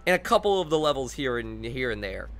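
Bright, lively young male streamer. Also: mid-range voice, fairly quick, soft background music. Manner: excited, rambling, laughs a lot. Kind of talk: gaming commentary.

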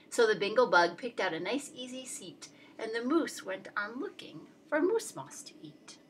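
A woman reading a children's picture book aloud, playful and expressive, talking to young listeners. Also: fairly high pitch, moderate pace, hardly any pauses, slight background noise, poor audio.

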